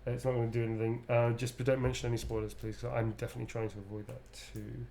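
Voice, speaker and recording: A man's voice: mid-range voice, racing, vocal fry, slight background noise. Easygoing, foul-mouthed male streamer. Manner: relaxed, joking, swears freely. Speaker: streamer, host of a game stream. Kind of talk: casual live-stream chat.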